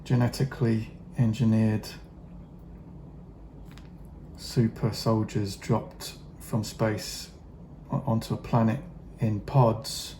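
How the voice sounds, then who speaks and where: Slow gravelly man rambling while he paints. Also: lowish voice, dark tone, slight background noise. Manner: rambling, many fillers, wry asides and swearing. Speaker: hobby vlogger painting miniatures.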